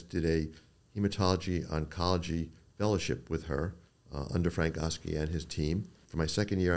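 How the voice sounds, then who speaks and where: An older man, a doctor being interviewed on a podcast, telling stories and acting out the people in them. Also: low voice. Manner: storytelling, quotes people in animated voices. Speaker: neuro-oncologist guest.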